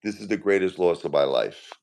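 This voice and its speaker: A man's voice: deep voice, expressive, fairly quick, vocal fry, a little mellow. A grieving man in his forties, talking casually to his live-stream viewers. He repeats himself and speaks to viewers by name. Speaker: livestream host.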